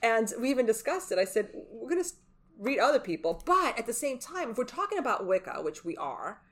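A woman co-hosting a casual podcast conversation. She talks emphatically, and her voice leaps up in pitch when she makes a point. She sounds animated and opinionated. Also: fairly quick. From Latin American heritage. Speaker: podcast co-host. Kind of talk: casual chat.

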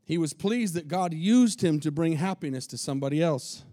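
A man preaches a sermon in a high, bright-pitched voice, folksy and full of calls to the congregation. The sound is close and dry, with little room echo. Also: lively intonation, moderate pace. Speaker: lead pastor. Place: church with a tin roof.

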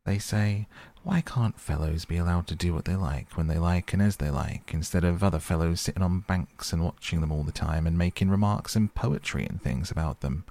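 Brief: a man doing a hearty, good-natured storybook water rat, low and gravelly. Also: moderate pace, darkish tone. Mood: cheerful.

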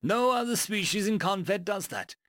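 A man's voice: sits high, expressive, normal speed, a bit bright, no echo, pitched above the performer's own voice. A man voicing an earnest, pedantic male alien crewmate who explains things in a matter-of-fact, over-detailed way. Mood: explaining.

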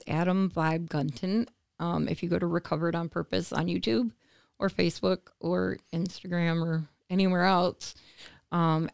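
A woman from the United States, an interview guest telling a personal story in conversation, animated and acting out what others said. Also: fairly low pitch, gravelly, no echo, studio quality. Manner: animated, acts out quoted voices, laughs between phrases.

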